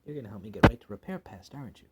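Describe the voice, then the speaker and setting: A man's voice: on the low side, very animated, rapid-fire, heavy background noise. Man cooing baby talk at his cat. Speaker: channel host. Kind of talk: casual home video chat.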